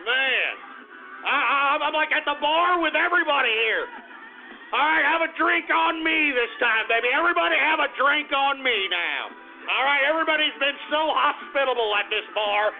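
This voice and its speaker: Boisterous high-voiced radio host, gravelly. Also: male voice, expressive, normal speed. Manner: boisterous, whooping and laughing, often swears. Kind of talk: rowdy call-in radio talk. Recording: tinny phone-line sound with faint music.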